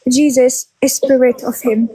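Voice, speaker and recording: A woman's voice: high voice, little pitch movement, a little slow, warm tone, breathy edge, no room sound, poor audio. A young woman from Ireland in casual religious discussion, earnest and out of breath, often repeating words as she searches for phrasing. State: pregnant, out of breath. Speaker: guest.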